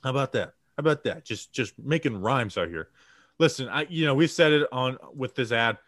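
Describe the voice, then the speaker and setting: A man's voice: medium pitch, animated, brisk, a bit bright, dry recording, studio quality. A young man on a podcast, loosely reading an ad with joking, rambling asides. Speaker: co-host reading an ad. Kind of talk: casual podcast ad read.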